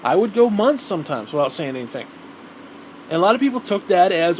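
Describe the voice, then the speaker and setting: A man's voice: sits high, big pitch swings, fairly quick, a little hiss or hum. A man ranting to the camera in a rambling, profane monologue, repeating himself as he grows heated. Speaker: vlogger.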